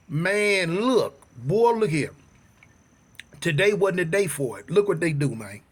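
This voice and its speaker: A man's voice: high voice, normal speed. A man telling a wild street story casually, full of slang, dramatic asides and acted-out dialogue. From United States. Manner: animated, slangy, dramatic retelling.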